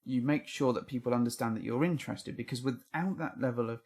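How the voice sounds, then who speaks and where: A man's voice: mid-range voice, fast, a little mellow. A man co-hosting a podcast from home, talking in an earnest, reflective, rambling way. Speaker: podcast co-host. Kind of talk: casual chat. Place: home room. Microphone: podcast microphone.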